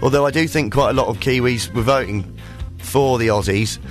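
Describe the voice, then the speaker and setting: A man hosting a radio show, chatting in a loose, jokey way and laughing at his own remarks. His voice sits at an ordinary middle pitch. Faint music plays in the background. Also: brisk. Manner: jokey, laughing, banter with co-host. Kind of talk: casual chat.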